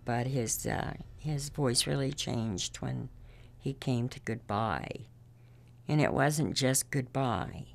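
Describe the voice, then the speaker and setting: A man speaking hesitantly and softly as he recalls taking a phone call. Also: mid-range voice, creaky. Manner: hesitant, halting, soft. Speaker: witness who took the call. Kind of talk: recalled interview testimony.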